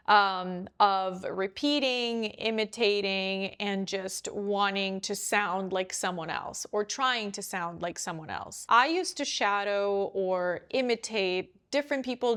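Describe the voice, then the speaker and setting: A woman's voice: mid-range voice, a bit bright. A young woman giving a casual pronunciation lesson to camera, chatty and often checking in with the viewer as she explains. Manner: chatty, often checks in with "right?" and "you know". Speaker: English pronunciation coach.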